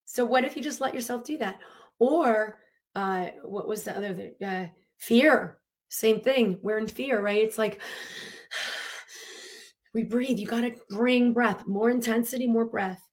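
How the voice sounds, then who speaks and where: A woman speaking as a coach in a casual teaching talk about emotions. She is animated and earnest, laughing often, using many fillers, and breathing and sighing audibly to demonstrate. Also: a little high, measured pace.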